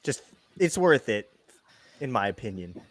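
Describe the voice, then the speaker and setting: A man co-hosting a podcast, chatting casually and with enthusiasm, with plenty of fillers. His voice has a middle pitch and sounds dry and close, with no room echo. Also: big pitch swings, moderate pace. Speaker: podcast co-host. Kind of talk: casual chat.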